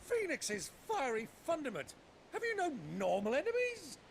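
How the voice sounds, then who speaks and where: A man's voice: extremely high pitch, huge pitch swings, moderate pace, heavy background noise, full character voice. A man voicing a boisterous, jovial older nobleman in a game who talks in a grand, theatrical way. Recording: game audio under music.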